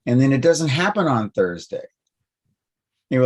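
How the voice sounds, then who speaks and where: A man's voice: medium pitch, very animated, a little slow. A man co-hosting a talk show, explaining ideas loosely with playful examples in casual chat. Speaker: podcast co-host.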